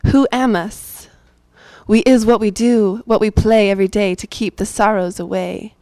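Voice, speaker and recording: A woman's voice: mid-range voice, steady tone, normal speed, darkish tone, no echo. A woman from Northern California introduces herself and gives a rhythmic spoken-word poem reading at a live community gathering. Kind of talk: poetry reading then singing with guitar.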